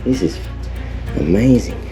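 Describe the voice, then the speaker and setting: A young Australian man vlogging as he explores inside a cave, excited and exclaiming often, recorded on an action camera. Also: fairly low pitch, unhurried, soft background music. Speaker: outdoor adventure vlogger. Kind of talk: casual exploring commentary.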